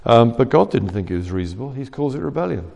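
A man preaching a sermon in a lively, conversational way with wry asides. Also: mid-range voice, fast talker, gravelly. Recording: long reverb of a church hall.

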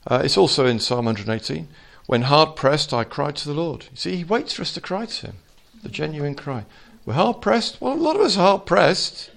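A man preaching an informal sermon to a small fellowship, swinging from quiet asides to loud exhortation. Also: on the high side, very animated, moderate pace, creaky, hardly any pauses.

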